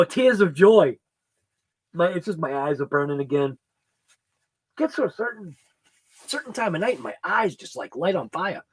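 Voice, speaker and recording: A man hosting a live hobby show, chatting casually with viewers in a rambling, excited way and laughing often. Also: high-pitched. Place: home garage workshop.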